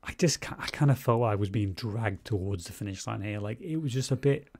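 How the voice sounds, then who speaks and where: A man co-hosts a film podcast in a casual, opinionated chat. His voice sits low, and the sound is close and dry with no room around it. He gets animated and swears now and then for emphasis. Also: fairly quick, no echo. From Scotland. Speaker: podcast co-host.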